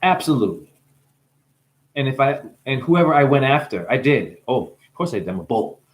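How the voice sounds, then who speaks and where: A man who is high, talking in a rambling, profane monologue. His voice swings from low mumbling to sudden high exclamations. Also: big pitch swings, normal speed. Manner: profane, playful. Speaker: spiritual video maker.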